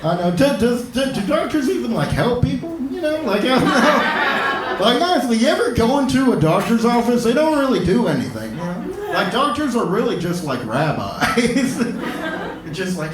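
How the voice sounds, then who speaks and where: A man doing a stand-up comedy set on a club stage, talking in a halting way with lots of fillers and restarts. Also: very high-pitched, big pitch swings, a crowd in the background. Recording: roomy club, distant mic, loud audience.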